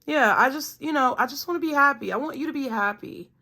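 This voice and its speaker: A woman with a fairly high voice reads tarot cards for her audience. She talks in a loose, chatty way, thinking aloud and leaning on fillers as she works through each card. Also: quick pace, pushed and bright. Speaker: tarot reader. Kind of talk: casual collective tarot reading.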